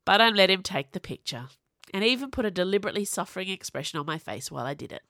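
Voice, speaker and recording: A woman reading her own fiction aloud in a wry, expressive storytelling voice for a podcast. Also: medium pitch, fast talker, dry recording, studio quality. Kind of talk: audiobook story narration.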